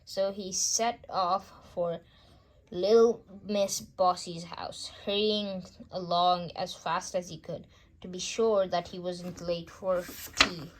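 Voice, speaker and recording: Slow-reading woman storyteller. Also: fairly low pitch, steady tone. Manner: slow, gentle reading with small slips. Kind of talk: children's bedtime story read-aloud.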